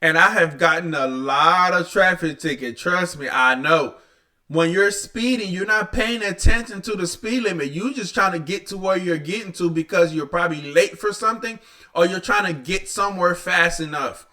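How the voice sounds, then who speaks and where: A man's voice: high voice, normal speed, pushed and bright. A man hosting a reaction video, talking bluntly and with exasperation, with frequent swearing. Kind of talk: casual reaction commentary.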